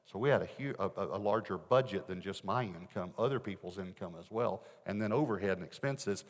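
A man preaching a sermon, telling a personal story and swinging between loud emphasis and hushed asides. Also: low-pitched, fairly quick. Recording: echoey hall.

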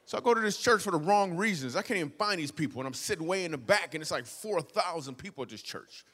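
Animated man on stage, big hall echo. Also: on the high side, fast talker, slightly rough. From Michigan. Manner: animated, playful, shifts between hushed asides and loud outbursts. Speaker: stand-up comedian. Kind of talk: stand-up storytelling. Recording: long hall reverb.

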